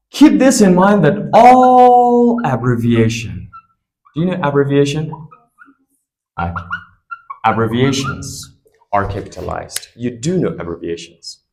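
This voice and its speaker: A man's voice: medium pitch, darkish tone, low-quality recording. A man teaching an English grammar lesson, quizzing his students with repeated questions.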